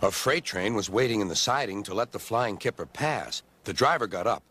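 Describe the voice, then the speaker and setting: A man narrating a children's train story, putting on lively voices for the characters. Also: fairly low pitch, brisk. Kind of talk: storybook narration in a remix video.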